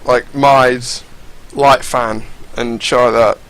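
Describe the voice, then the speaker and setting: A man's voice: mid-range voice, fairly even intonation, slow, fairly bright tone, rough recording. A young man giving casual, rambling, profane commentary over fighting game footage, often restarting his sentences.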